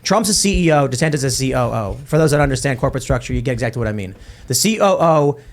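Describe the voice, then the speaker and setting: A man's voice: mid-range voice, expressive, racing. A podcast host arguing his view in a rambling way, with stammering restarts. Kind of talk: panel show discussion.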